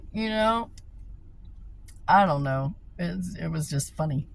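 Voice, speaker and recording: A woman's voice: fairly low pitch, animated, slow pace, gravelly, long pauses. A woman vlogging a casual rant, swearing freely, laughing often and repeating herself.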